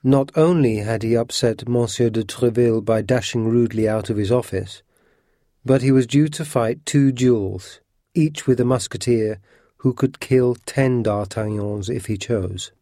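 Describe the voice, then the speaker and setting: A man's voice: medium pitch, measured pace, dark tone, no room sound. Man narrating an audiobook, dry sound. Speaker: storyteller.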